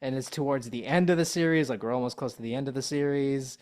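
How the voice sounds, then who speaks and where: A man's voice: medium pitch, fairly even intonation, quick pace, darkish tone. A man hosting a podcast interview, talking casually with loose, chatty phrasing. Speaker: podcast host.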